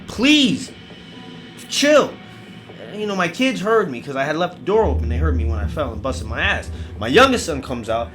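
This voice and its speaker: Profane, animated male storyteller. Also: medium pitch, quick pace, few pauses, soft background music. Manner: profane, animated, yelps and cries out in pain. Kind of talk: comic horror storytelling.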